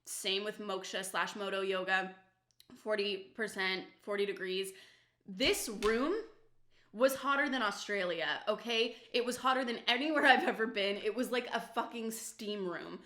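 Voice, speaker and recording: Young woman gabbing thru a get ready with me, says like constantly, swears a lot, sharp bright voice, echoey room. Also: medium pitch, normal speed. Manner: casual, fillers of "like", frequent swearing. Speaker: beauty vlogger. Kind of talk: chatty get-ready-with-me storytime. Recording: roomy echo.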